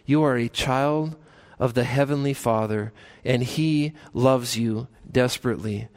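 A man pastor preaching a sermon in a church, earnest, climbing to emphatic peaks and slowing down on key phrases. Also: mid-range voice.

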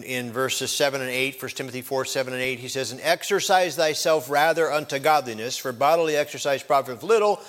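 Middle-aged man, pastor, relaxed conversational sermon delivery, repeats phrases for emphasis. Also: medium pitch. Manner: conversational preaching, repeats key phrases, laughs lightly.

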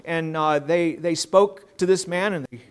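A man with a high voice delivers a sermon. He reads scripture aloud, then explains it in a relaxed, conversational way. He talks like a preacher teaching his congregation. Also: a little slow, clean tone. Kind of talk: sermon with Bible reading.

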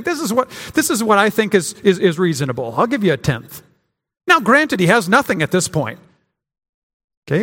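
A male pastor delivers a sermon in a conversational, searching way, often restarting his sentences and acting out quotes. His voice sits fairly high for a man. The sound rings with the long reverb of a church sanctuary. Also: a bit bright. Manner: conversational preaching with frequent restarts and acted-out quotes.

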